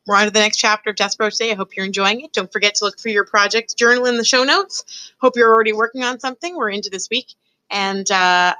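A woman teacher talking to her students and reading a children's novel aloud in a lively, encouraging way. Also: medium pitch, dry recording, rough recording.

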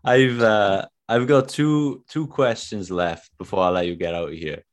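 A man's voice: lowish voice, a little slow. A man hosting an interview, asking questions in a laid-back way. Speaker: interview host.

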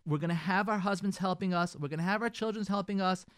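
Higher-voiced rabbi giving advice. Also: male voice, fast talker, dry recording, clean studio sound. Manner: coaching, acts out sample dialogues in a softer voice; repeats phrases, stammers on word starts. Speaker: rabbi and radio show host. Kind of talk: advice talk to listeners.

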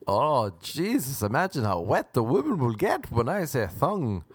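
A man's voice: mid-range voice, sing-song, moderate pace, slight background noise. A man hosting a podcast, riffing in a crude, sarcastic comedic monologue full of mocking impressions. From abroad, living in America. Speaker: podcast host.

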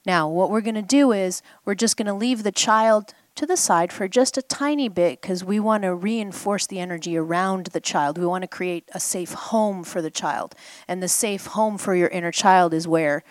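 A healing coach with a fairly low voice runs a guided healing exercise for a live audience, keeping a moderate pace with few pauses. She coaxes her listener to repeat short phrases after her, and the audio is close and dry with little surrounding space.

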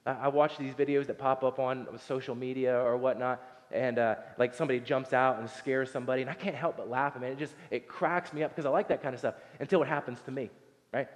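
A man's voice: mid-range voice, steady tone, fast. A man in his thirties preaching a casual, conversational sermon, acting out voices from the story and talking with his congregation. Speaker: pastor. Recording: long hall reverb.

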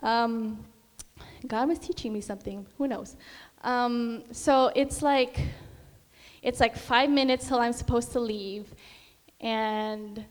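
A young woman gives a chatty, casual testimony about her faith, speaking slowly in a fairly high, steady voice. She uses lots of fillers, sings, and acts out quotes, and a long hall reverb colors the recording.

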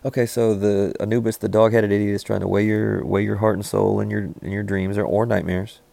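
A man in rambling, deadpan comedic banter, riffing with frequent restarts. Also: fairly low pitch, brisk, creaky, no room sound.

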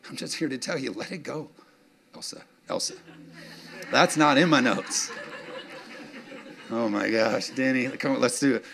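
A man's voice: medium pitch, moderate pace, creaky, pauses often, a bit bright, slight background noise. Emotional man preaching a casual sermon. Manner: conversational preaching with laughing asides. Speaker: pastor.

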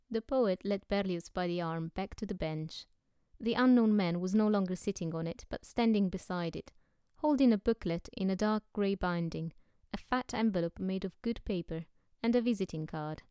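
A woman narrating an audiobook in a measured storytelling way. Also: medium pitch, dark tone, clean tone, no echo, studio quality. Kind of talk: scripted narration.

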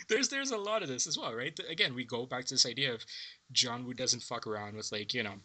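A man co-hosting a film podcast, chatting casually and excitedly about movie trivia, laughing and swearing often. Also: medium pitch, fairly quick. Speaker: podcast co-host.

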